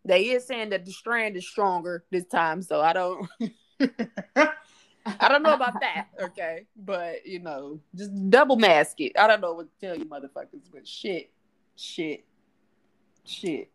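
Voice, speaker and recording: A woman's voice: lowish voice, animated, a little slow, fairly bright tone. A woman co-hosting a casual chat, talking bluntly and profanely in a ranting way.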